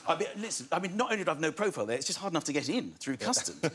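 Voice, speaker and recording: A man in his forties tells comic stories as a chat-show guest, acting out little bits as he goes. His voice sits high and swings widely in pitch. The studio is loud with audience laughter behind him. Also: big pitch swings, racing, heavy background noise. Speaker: comedian guest.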